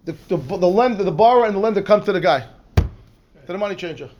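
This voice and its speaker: High-voiced rabbi teaching a Talmud class. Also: male voice, expressive, quick pace, a little mellow. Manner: repeats words and restarts, asks "right?" often. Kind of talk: lively Torah class, reading Hebrew text and explaining.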